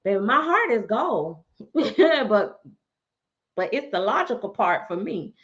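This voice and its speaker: Sassy woman, a fairly high voice, laughs a lot and talks straight to her viewers over dull livestream audio. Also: takes it slowly. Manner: sassy, animated, laughs often, calls viewers baby and y'all. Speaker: livestream host. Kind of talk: casual livestream chat with viewers.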